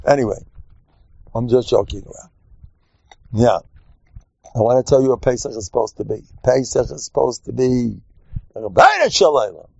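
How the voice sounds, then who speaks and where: A man's voice: moderate pace, vocal fry, long pauses, slightly rough, dry recording. A man giving a humorous Torah lecture as a rabbi, joking and teasing as he teaches. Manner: animated, joking, acts out quotes in squeaky voices. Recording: dull, dry lo-fi recording.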